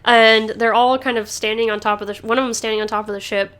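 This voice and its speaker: A woman's voice: a little high, steady tone, quick pace, fairly bright tone, clean tone. Chatty woman podcast host, rambling. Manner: chatty, rambling, many fillers and restarts, laughs often. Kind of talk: casual chat.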